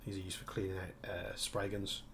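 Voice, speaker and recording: A man's voice: low-pitched, flat delivery, a little fast, background noise. A man with a Birmingham accent, chatting casually on a live stream while he builds and answers viewer questions. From Birmingham, England. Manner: casual, chatty, explains as he works. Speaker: airsoft tech streamer.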